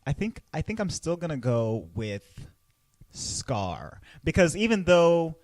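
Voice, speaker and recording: Young guy cohosting a podcast, pitch jumps all over, dry close sound. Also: slow pace, no room sound. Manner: animated, thinks aloud with restarts. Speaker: podcast co-host. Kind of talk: casual chat.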